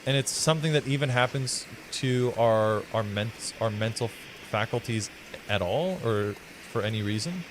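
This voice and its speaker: A man with a mild, flattened American Southern accent, rambling, swearing and musing playfully while he streams a game. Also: mid-range voice, normal speed, background noise. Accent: mild American Southern, partly flattened. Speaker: live streamer. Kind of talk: casual gameplay commentary.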